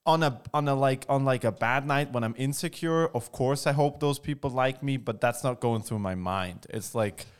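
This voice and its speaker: Animated, profane male comedian. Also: mid-range voice, moderate pace, hardly any pauses, clean tone. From Switzerland. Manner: animated, profane, acts out quoted voices. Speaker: guest comedian. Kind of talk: casual podcast chat.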